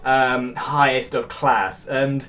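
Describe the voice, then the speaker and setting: A young English man with an upper-class-sounding accent chats in a casual vlog, answering viewer comments as a YouTuber. He's animated and jokey, breaking into bursts of loud shouting, and takes things slowly in a mid-range voice.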